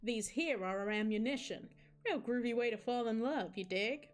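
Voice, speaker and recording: A woman's voice: fairly high pitch, animated, lightly acted. A woman voicing a brash male Cupid with a greaser manner and slangy showman patter. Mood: pushy, slangy. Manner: slangy, fast-talking showman.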